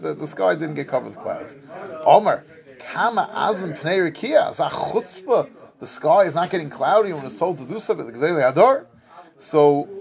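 A man giving a Talmud lesson, reading Aramaic passages and translating them in a sing-song study cadence with halting restarts. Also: fairly high pitch, gravelly. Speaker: Talmud teacher.

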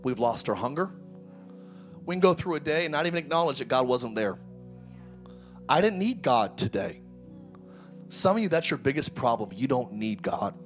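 A man in his thirties preaching a sermon, energetic and exhortative, with humorous asides. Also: mid-range voice, moderate pace, long pauses, soft background music. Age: 30s. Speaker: pastor.

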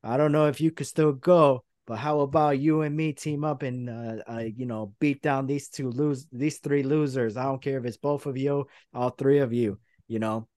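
A man's voice: mid-range voice, steady tone, moderate pace, few pauses, darkish tone, no echo, studio quality, natural voice. A man putting on the voice of a cocky, swaggering male pro wrestler, drawling and stammering as he issues a challenge.

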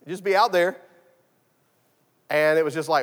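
A man's voice: on the high side, a little slow. A man preaching a sermon as pastor, talking in a loose conversational way with frequent restarts and fillers. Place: church sanctuary. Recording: long church hall reverb.

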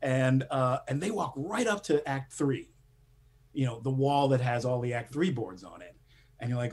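Husky man telling animated stories. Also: medium pitch, moderate pace. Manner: animated storyteller, acts out quotes, laughs often. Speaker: guest screenwriter. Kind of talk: casual interview chat.

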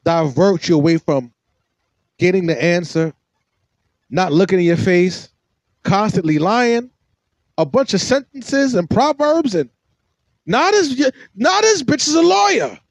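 High, animated sarcastic male commentator. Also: a little slow, long pauses, dry recording. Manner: mocking, sarcastic, swings between shrill and low. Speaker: podcast host commentating on a clip. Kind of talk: reaction commentary.

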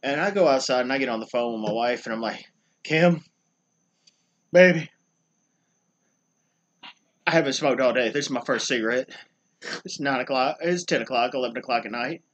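A man's voice: medium pitch, normal speed, pauses often, slight background noise. A young man, co-hosting a podcast and telling a long, rambling work story with wrestling slang. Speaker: podcast co-host. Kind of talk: casual storytelling chat.

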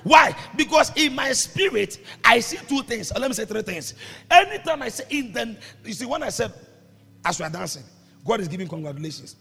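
A man preaching a sermon as pastor, breaking into shouts and sung phrases, recorded in a reverberant church hall with music behind. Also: sits high, lively intonation, a little fast, creaky, husky.

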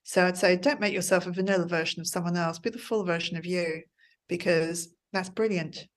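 Chatty woman, lowish voice. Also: fairly even intonation, fairly quick. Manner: chatty storyteller, acts out quotes. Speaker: guest, former TV producer. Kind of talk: conversational interview.

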